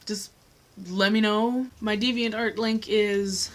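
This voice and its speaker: In a low-quality recording with a little hiss or hum, a young woman vlogs to camera in a mid-range voice, steady and slow. She's frank and earnest, blunt, occasionally swearing, with rising heat whenever she drives a point home.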